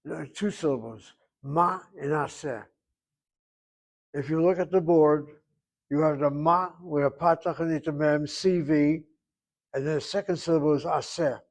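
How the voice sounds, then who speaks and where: A man teaching a Hebrew grammar class, explaining word roots slowly and drawing out pronunciations, with dry self-assured asides. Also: fairly high pitch, fairly even intonation, a little mellow. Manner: slow, explaining, drawn-out pronunciations.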